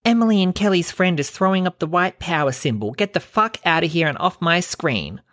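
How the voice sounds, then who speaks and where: Aussie guy doing a high snippy outraged lady, mocking, dry sound. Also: lively intonation, fairly quick, fairly bright tone, no echo. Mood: indignant. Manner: mocking, exaggerated. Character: snippy woman fan-account poster.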